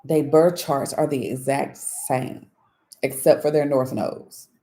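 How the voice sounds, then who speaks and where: A woman's voice: extremely low pitch, fairly even intonation, slow pace, warm tone. A woman hosting her channel, chatting casually and candidly with viewers, telling stories with frequent laughs and blunt, profane asides. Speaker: spiritual reader and channel host. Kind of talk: casual storytelling chat to viewers.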